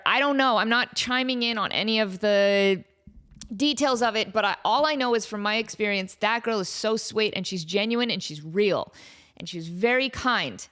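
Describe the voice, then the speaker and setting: Chatty woman podcast host telling stories. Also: on the high side. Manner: animated, chatty, with many likes and ums. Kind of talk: casual storytelling.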